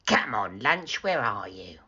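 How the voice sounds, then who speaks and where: A man voicing a cheerful, chatty little girl in a storybook read-aloud, bright and eager. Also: fairly low pitch, very animated, slow, slightly rough, dull audio, full character voice.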